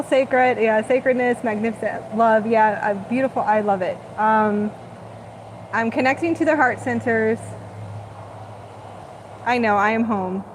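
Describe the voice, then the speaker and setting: Female host, rather high voice, dreamy and gushing channeling talk, faint hiss behind. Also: low-quality recording. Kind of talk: live spiritual channeling talk.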